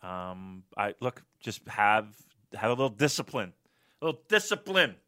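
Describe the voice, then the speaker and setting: Man, podcast co-host, casual and profane, bright forceful voice, flares into loud rants. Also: lowish voice, big pitch swings, normal speed.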